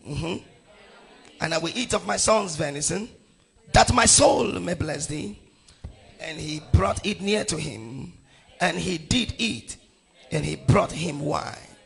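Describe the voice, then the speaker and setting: A middle-aged male pastor from Nigeria leading his congregation through a Bible passage verse by verse, calling out each verse and rising to shouts on key lines. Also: on the high side, creaky, husky. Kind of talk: sermon with congregational scripture reading.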